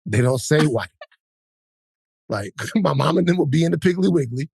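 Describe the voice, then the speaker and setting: A man's voice: normal speed, vocal fry, breathy edge, dry recording. A man cohosting a casual podcast chat, telling stories animatedly and mimicking others. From American South. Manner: animated storytelling, mimicking people with loud high-pitched impressions. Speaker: podcast co-host.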